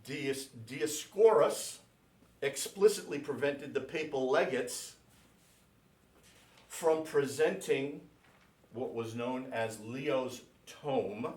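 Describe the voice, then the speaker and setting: A priest giving a classroom lecture, speaking slowly and deliberately and spelling out names letter by letter for his class. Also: medium pitch, a little mellow. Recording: echoey room, mic at a distance.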